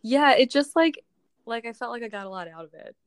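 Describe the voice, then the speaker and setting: A woman's voice: fairly high pitch, lively intonation, a little fast, clean tone, dry recording. Chatty young woman with a dry close sound. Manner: chatty, rambling, laughs often. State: voice recovering after illness. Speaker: podcast co-host. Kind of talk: casual book club chat.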